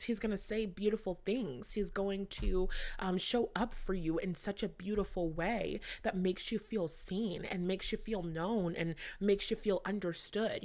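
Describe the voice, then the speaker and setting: A woman's voice: mid-range voice, darkish tone. A young adult woman giving a casual astrology reading to her viewers, chatty and rambling, with plenty of fillers and casual swearing. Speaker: astrology reader.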